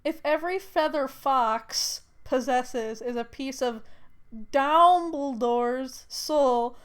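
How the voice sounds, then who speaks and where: Slow-talking high-voiced giggly woman. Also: clear, resonant tone. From United States. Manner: giggly, laughs often while talking. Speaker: podcast co-host. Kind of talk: casual chat, reading comments aloud.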